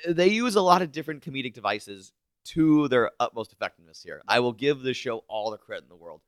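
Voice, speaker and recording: A man co-hosting a podcast in casual chat, animated, laughing often and restarting his sentences. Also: mid-range voice, quick pace, clear, resonant tone, no echo, studio quality. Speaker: podcast co-host.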